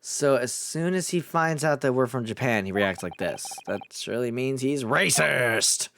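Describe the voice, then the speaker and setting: A man's voice: medium pitch, lively intonation, normal speed, gravelly, fairly bright tone, a little hiss or hum. Sweary, jokey male streamer. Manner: sweary, jokey, reads all characters aloud. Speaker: streamer reading a game's dialogue aloud. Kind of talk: casual chat and game reading.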